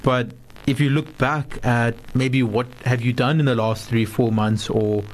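A man's voice: medium pitch, steady tone, a little slow, slight background noise. A man co-hosting a radio talk show, supportive and explanatory. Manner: supportive, frequent affirmations. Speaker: radio co-host.

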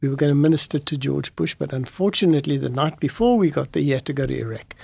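A man, a pastor from Africa, telling a story in an animated way and acting out the dialogue. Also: a little high, fast, gravelly, husky, no room sound. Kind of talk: storytelling testimony in an interview.

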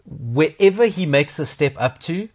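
A man's voice: on the high side, expressive, unhurried. Emphatic man co-host. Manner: emphatic, repeats his points. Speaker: podcast co-host. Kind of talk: casual chat.

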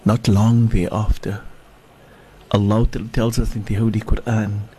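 Sheikh slowly telling a story, husky mellow voice, lots of restarts. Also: male voice, on the low side, level tone. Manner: slow, halting, with many restarts and repeated words. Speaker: sheikh, guest speaker. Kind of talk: storytelling sermon.

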